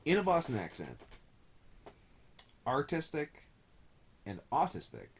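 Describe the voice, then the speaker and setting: Husky-voiced man joking around. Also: mid-range voice, wildly swooping pitch, slow. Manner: joking, irreverent, laughs often. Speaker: podcast co-host. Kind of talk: casual chat.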